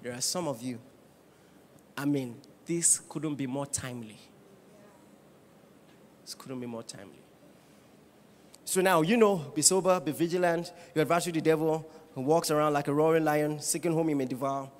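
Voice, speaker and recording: A man preaching a sermon as pastor, firing rhetorical questions at the congregation and building to shouts. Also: fairly high pitch, moderate pace, pauses often. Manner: animated preaching with rising shouts and bursts of laughter.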